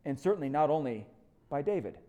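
A man preaching a sermon as lead pastor, telling a story with emphasis and slowing down for quiet, reflective moments. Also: on the high side, very animated.

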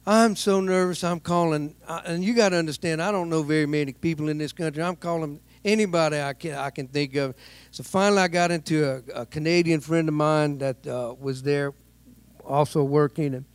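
Animated preacher with a higher voice. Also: male voice, fairly quick, clear, resonant tone, no room sound. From United States. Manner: animated, voices the people in his stories. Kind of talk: sermon storytelling.

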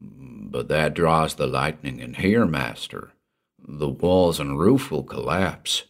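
A hulking, dim-witted henchman, voiced by a male reader, who mutters his replies low and uneasily. His voice sits deep and moves slowly, as in a pulp storybook. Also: vocal fry, heavily acted. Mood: uneasy grumbling. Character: legless giant male henchman, dull and uneasy.

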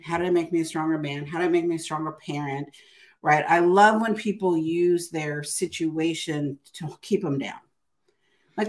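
Her voice sits on the low side and sounds a little mellow as this older woman, an author being interviewed, recounts her story in a relaxed yet emphatic manner, tacking "right?" onto many of her lines.

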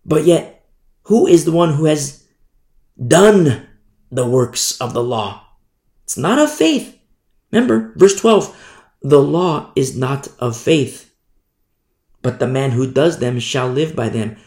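A male pastor delivers a sermon with emphasis, repeating key phrases and alternating between loud declarations and quiet asides. His voice is fairly high and animated, and he speaks slowly with long pauses in a roomy-sounding space.

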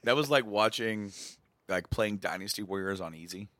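A man's voice: fairly low pitch, moderate pace, fairly bright tone, no echo. A man in casual chat, joking and emphatic.

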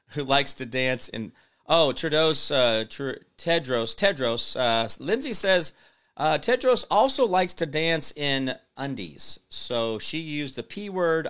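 A middle-aged man hosting his own show, reading an article aloud and mocking it, breaking into loud outbursts. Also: mid-range voice, big pitch swings, a little slow, smooth. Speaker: show host. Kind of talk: solo commentary reading an article.

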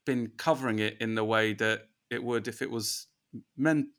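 A man hosting a podcast in casual chat, upbeat and quick with encouraging replies. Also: fairly low pitch, steady tone, fairly bright tone. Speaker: podcast host.

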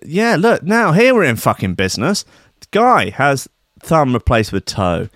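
A man's voice: fairly high pitch, huge pitch swings, measured pace, a bit bright, no room sound, studio quality. A man hosting a comedic news commentary, reading stories aloud with sarcastic, crude, rambling asides. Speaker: host.

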